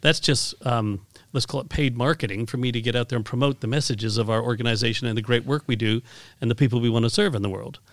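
Brief: Canadian man, mid-pitch, passionate, rambling podcast guest, dry close sound. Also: quick pace, no room sound. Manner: enthusiastic, rambling with restarts. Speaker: guest, keynote speaker. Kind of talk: podcast interview.

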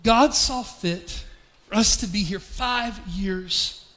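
A pastor in his 40s from East Tennessee, US, preaches an emotional, heartfelt sermon to his church in a large hall with a big-room sound. His voice sits high, slow, pushed and bright, and he restarts often.

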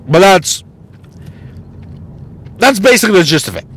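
A man's voice: high-pitched, very animated, normal speed, a bit bright, slightly rough. Blunt, swearing man ranting on a podcast. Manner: mocking and exasperated. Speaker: podcast host. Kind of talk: casual solo podcast rant.

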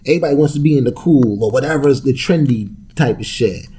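A man's voice: medium pitch, fast talker, dark tone, slightly rough. A man hosting a solo podcast, talking in a loose, profane, rambling way and laughing often. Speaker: podcast host. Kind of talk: casual solo podcast rant.

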